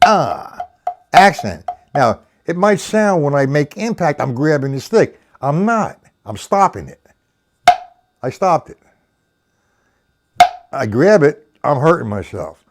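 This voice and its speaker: A man's voice: on the high side, very animated, takes it slowly, long pauses, background noise. An older man giving a casual, rambling live-streamed drum lesson, counting beats aloud as he explains technique. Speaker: drum teacher.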